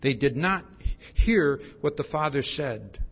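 Taking it slowly, a man with a fairly high, husky voice and lively intonation works through scripture verse by verse. He ends points with "see?" and often repeats or restarts his phrases, captured on a dull lo-fi recording.

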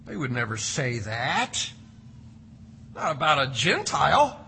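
A man's voice: mid-range voice, very animated, slow pace, vocal fry, pauses often, pushed and bright, slight background noise, low-quality recording. A man preaching an expository sermon, reading scripture and explaining it with emphatic, varied delivery. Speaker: pastor.

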